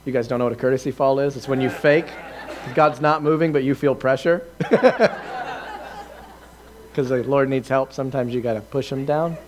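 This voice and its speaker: A man preaching a lively testimony, telling his story with laughs and acted-out quotes to a live audience. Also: mid-range voice, moderate pace, pauses often, some chatter behind. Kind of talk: sermon testimony.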